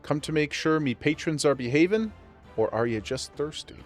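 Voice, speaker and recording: A man voicing a gruff male tavern keeper with a clumsy put-on rough dockside accent, reading game dialogue aloud. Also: on the high side, expressive, normal speed, soft background music, lightly acted. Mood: teasing.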